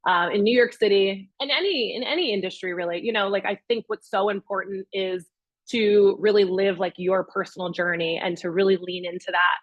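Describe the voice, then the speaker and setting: A young real estate agent, speaking briskly in a mid-range voice, tells a personal story at a master class and acts out her own and others' words with animation. The recording is dry and muffled.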